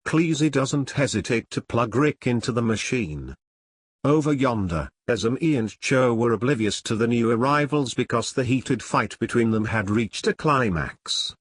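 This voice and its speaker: A man narrating a crude comic story in a wry, deadpan way. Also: mid-range voice, a little slow, no room sound.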